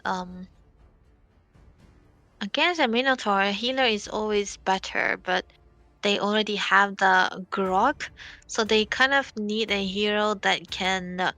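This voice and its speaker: A woman's voice: mid-range voice, a little slow, pushed and bright, no room sound. A woman commentating an esports tournament draft live, chatty and thinking aloud as she reacts to each pick and ban. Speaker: esports caster.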